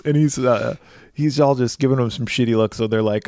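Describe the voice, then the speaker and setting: A man's voice: mid-range voice, darkish tone, no room sound, clean studio sound. A man co-hosting a horror film podcast, casually retelling a movie plot with lots of swearing and laughter. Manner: laughing, profane, acts out characters in quick voices. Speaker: podcast co-host.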